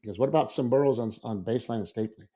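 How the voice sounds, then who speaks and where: This podcast co-host, a middle-aged man, talks at a racing clip in a husky, warm voice of medium pitch. His story wanders in casual chat, full of repeated words and acted-out quotes.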